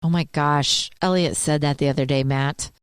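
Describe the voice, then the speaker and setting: A woman radio co-host in her thirties tells animated stories with a low voice. She acts out the people she quotes. The studio sound is dry and close. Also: moderate pace, clean tone, no room sound. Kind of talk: casual radio banter.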